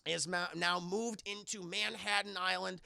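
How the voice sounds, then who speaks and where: Animated streamer with a gravelly high voice. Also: male voice, dry recording, clean studio sound. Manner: animated, profane, acts out characters' lines in quick bursts. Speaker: live streamer reviewing films. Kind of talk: casual spoiler recap on a live stream, addressing chat.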